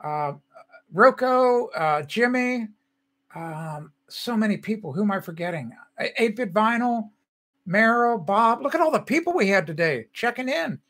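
Older guy chatting on a livestream, high bright voice, greets viewers by name. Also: lively intonation, a little slow. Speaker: livestream host. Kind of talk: casual livestream chat.

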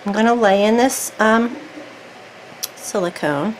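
A woman's voice: a little high, unhurried, a little hiss or hum, poor audio. A woman casually talking through a craft project in real time, thinking aloud as she works at her desk. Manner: chatty, self-talking while working, thinks aloud. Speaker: craft video creator.

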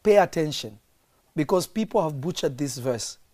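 A man's voice: a little high, lively intonation, normal speed, a little mellow. A man preaching as a prophet on a podcast, stressing and repeating key lines and quizzing his listeners.

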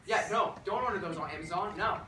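Speaking fast in a high-pitched voice that stays close to his everyday tone, a young improv player portrays a clueless bro in charge of a community college language department. His rambling, full of likes and ums, comes through a distant mic on an echoey stage with background noise.

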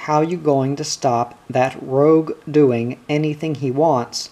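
A man reading as a gruff bossy cattle boss. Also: a little high, steady tone, measured pace, warm tone. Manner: growling, snappish, bossy.

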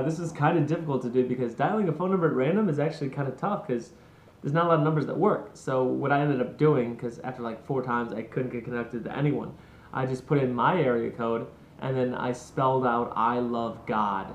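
A man's voice: medium pitch, fairly quick, roomy sound, slight background noise. A man hosting a casual vlog, chatty and rambling, poking fun at himself. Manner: chatty, rambling, self-mocking. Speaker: vlog host. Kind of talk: casual talk to camera.

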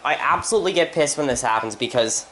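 A man's voice: a little high, lively intonation, quick pace, a bit bright, slight background noise. A man vlogging in a house, handheld camera, ranting and cursing in frustration. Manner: angry, swearing constantly. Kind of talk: casual vlog rant. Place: inside a house.

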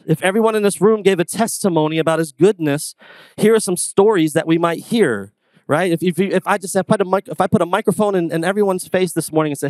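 A man preaching a sermon as pastor, telling casual stories in an animated, conversational way. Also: sits high, a little fast, no room sound. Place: church sanctuary.

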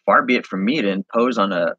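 A man's voice: lowish voice, lively intonation, fast talker, bright, forceful tone, no room sound, lo-fi sound. A man reading aloud and voicing a guarded young woman who answers curtly and dismissively. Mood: irritated. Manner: curt and dismissive. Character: cold, guarded young woman bookstore browser.

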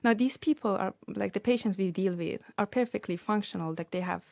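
A woman researcher being interviewed on radio, explaining her work in a measured, careful way. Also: mid-range voice, vocal fry, darkish tone, no room sound, clean studio sound. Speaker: researcher guest.

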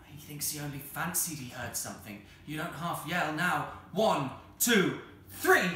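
A bold young boy from a storybook, voiced by a man, shouting in short, clipped words. His voice is high and carries through a roomy hall. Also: normal speed, distant mic. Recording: roomy hall with faint noise.

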